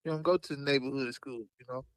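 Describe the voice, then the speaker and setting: A man's voice: medium pitch, steady tone, fast, no room sound. A man from Birmingham, Alabama with a Southern accent, bantering playfully as a podcast co-host. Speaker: guest co-host. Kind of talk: casual podcast chat.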